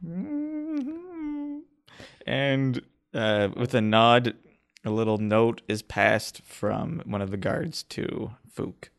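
A man's voice: mid-range voice, sing-song, drawn-out words, vocal fry, dry recording. A man narrating as game master of a tabletop role-playing game, describing scenes in a dry, descriptive way.

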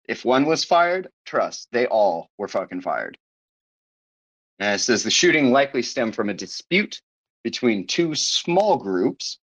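A man's voice: medium pitch, sing-song, moderate pace, a bit bright. A man hosting a podcast in casual chat, sarcastic and profane, riffing loosely as he reads news aloud. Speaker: podcast host. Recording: dull lo-fi podcast audio.

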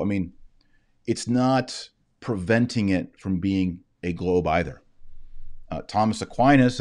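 A man's voice: lowish voice, darkish tone. A man giving an online Bible lecture from his desk, explaining verses in a conversational way and answering his own rhetorical questions. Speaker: Bible teacher. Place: indoors, seated at a desk with a shared screen.

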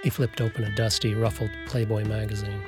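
A man narrating a story in a steady, even storytelling voice. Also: lowish voice, fairly quick, over loud music. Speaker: audiobook narrator. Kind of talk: scripted narration.

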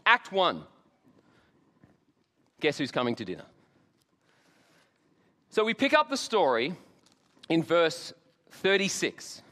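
A high-pitched Australian man preaching with animated, joking storytelling. His voice rings out with a long reverb from a church hall. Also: takes it slowly, pauses often. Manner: animated storyteller, jokey asides. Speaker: pastor. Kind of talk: Easter sermon.

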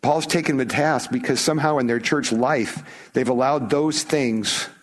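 A pastor, a middle-aged man from the United States, preaches at normal speed in a medium-pitched voice. The sermon is conversational and emphatic, with phrases often begun again.

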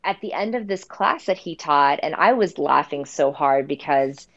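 Low-voiced woman, chatty and earnest. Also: animated, moderate pace, vocal fry, highs cut off. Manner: earnest, chatty, many fillers like "you know" and "um". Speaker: author guest. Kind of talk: reflective podcast conversation.

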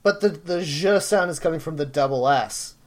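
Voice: medium pitch, normal speed, darkish tone. Dry, pedantic podcast co-host. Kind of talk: casual podcast chat.

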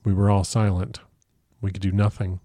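A man narrating a classic novel in a measured, grave storytelling manner on a close microphone. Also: low voice, little pitch movement, mellow, no room sound. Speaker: audiobook narrator.

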